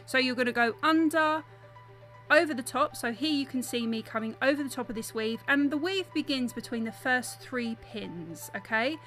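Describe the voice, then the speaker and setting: A woman's voice: high voice, normal speed, fairly bright tone, soft background music. A young woman with a South East London accent, talking through an embroidery tutorial step by step in a chatty, apologetic way. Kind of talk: voice-over tutorial narration.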